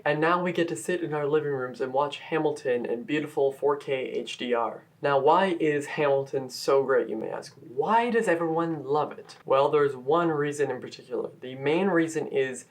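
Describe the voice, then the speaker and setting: A man reviewing a filmed stage musical in a solo video, talking as an eager, gushing fan into a camera-mounted mic. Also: medium pitch. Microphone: camera-mounted shotgun mic.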